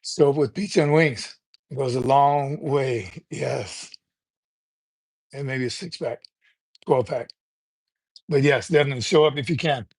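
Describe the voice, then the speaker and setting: An older man hosts a relaxed livestream, talking straight to his viewers in an easygoing, unscripted way. He rambles, circles back and repeats words while he thinks, and his voice sits at an ordinary middle pitch. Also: measured pace, long pauses, slightly rough. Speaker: livestream host. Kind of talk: casual livestream chat.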